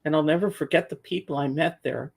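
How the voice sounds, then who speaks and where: A man with a fairly high speaking voice spins a meandering anecdote in relaxed podcast conversation. He stumbles over repeated words and restarts, then slips into little voices for the people he quotes. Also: fast, creaky, slightly rough. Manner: rambling, acts out voices in quotes. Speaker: show regular. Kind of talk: casual storytelling chat.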